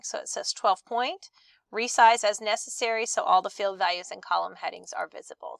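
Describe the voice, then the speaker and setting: A woman instructor talks through a recorded software tutorial, patiently reading each step and then showing it. Her voice sits in a middle register with a gravelly fry at the ends of her phrases. The sound is dry and close to the microphone. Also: mid-range voice, dry recording.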